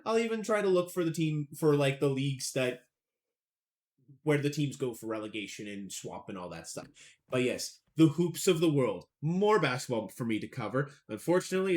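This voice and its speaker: A young man co-hosting a casual sports podcast, rambling and joking about his own pronunciation. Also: mid-range voice. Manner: chatty, rambling, self-deprecating about pronunciation. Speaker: podcast co-host.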